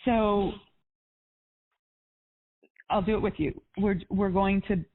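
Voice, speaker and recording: A woman's voice: medium pitch, fairly even intonation, slow. A woman life coach on a coaching call, talking in an upbeat, encouraging and spiritual way. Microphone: phone or call line. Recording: tinny phone-line audio.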